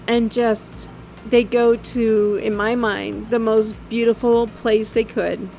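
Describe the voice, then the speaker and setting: A woman narrating her gameplay video in a halting, heartfelt way, full of ums and visibly emotional. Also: a little high, flat delivery, a little mellow, soft background music. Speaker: game video creator. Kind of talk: casual voice-over narration of gameplay.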